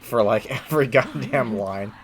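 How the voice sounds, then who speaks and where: A man co-hosting a let's play, talking in an animated, jokey, profane way. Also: medium pitch, moderate pace. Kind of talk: casual gameplay commentary.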